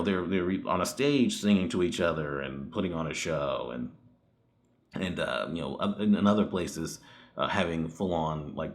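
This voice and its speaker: A man giving a casual spoken movie review, animated and exasperated, who swears freely and laughs often. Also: sits low.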